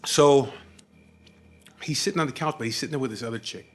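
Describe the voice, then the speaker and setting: A man's voice: mid-range voice, a little fast. A man with a Chicano English accent telling a rambling, profane story from his past in casual speech, full of fillers and restarts.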